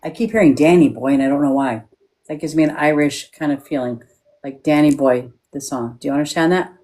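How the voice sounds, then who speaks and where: Low-voiced woman medium giving readings. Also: a little fast, dark tone. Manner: frank, repeats questions for yes or no. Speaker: psychic medium. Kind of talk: live-stream reading.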